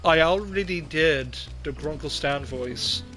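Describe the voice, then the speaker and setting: A man's voice: fairly high pitch, takes it slowly, bright, forceful tone, soft background music. A man streaming a game, chatting casually and thinking aloud with plenty of fillers. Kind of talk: casual gaming commentary.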